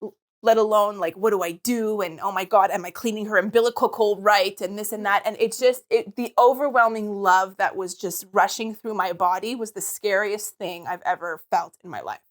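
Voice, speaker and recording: A woman's voice: medium pitch, normal speed. A young woman hosting a podcast, telling a personal story in a rambling, casual way, often quoting herself. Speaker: podcast host.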